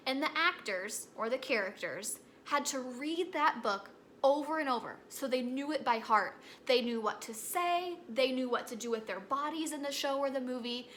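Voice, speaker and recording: This is a recorded kindergarten lesson led by a young woman whose voice is high and bright. She uses a gentle, encouraging storytelling style over faint background noise.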